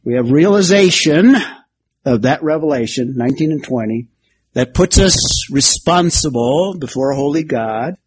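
A man's voice: on the high side, animated, moderate pace, breathy edge. A man preaching and teaching through a Bible passage verse by verse, building an alliterative outline on a board and bantering with his listeners. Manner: expository, uses a whiteboard and alliteration, jokes with the class. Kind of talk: sermon-style Bible teaching.

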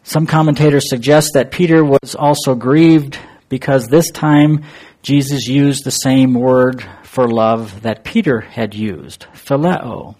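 A man with a husky, slightly breathy voice works slowly through a Bible passage. He takes his time, halts on fillers and puts rhetorical questions to his listeners, in the measured manner of a verse-by-verse teacher. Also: mid-range voice, darkish tone. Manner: thoughtful, halting, with pauses and fillers.

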